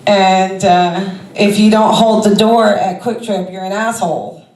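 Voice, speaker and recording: A woman's voice: medium pitch, fairly even intonation, a little slow, a little mellow. A woman doing a stand-up comedy set, talking in a rambling, conversational way with lots of fillers. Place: comedy club stage before a crowd. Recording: roomy club sound from a distance.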